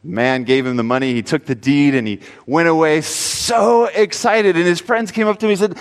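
Animated preacher in a ringing hall. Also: male voice, a little high, moderate pace, hardly any pauses. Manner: animated, dramatic storytelling. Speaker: pastor. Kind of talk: sermon with storytelling.

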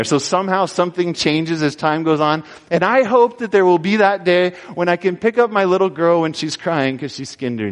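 Earnest male preacher in a reverberant hall. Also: fairly high pitch. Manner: earnest, preaching with quoted scripture and pauses. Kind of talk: sermon.

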